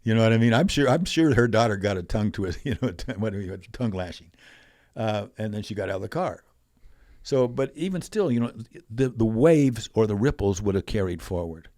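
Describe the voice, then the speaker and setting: An older man telling stories as a podcast guest, animated, acting out quoted voices. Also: fairly low pitch, brisk, no room sound, studio quality. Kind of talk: storytelling in a conversational interview.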